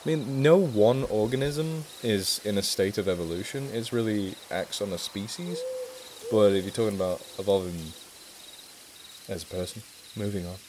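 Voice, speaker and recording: A man with a mixed northern English accent hosts a casual live stream Q&A in a fairly low voice. He chats eagerly about animals and swears without a second thought. A faint noise sits under the recording. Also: normal speed, a little mellow. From England. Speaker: charity live stream host.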